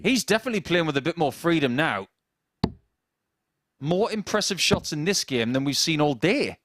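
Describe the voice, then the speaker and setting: A man's voice: on the high side, big pitch swings, moderate pace, a bit bright, a little hiss or hum. A man commentating on darts, chatty and joking with his co-commentator. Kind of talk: live sports commentary with banter.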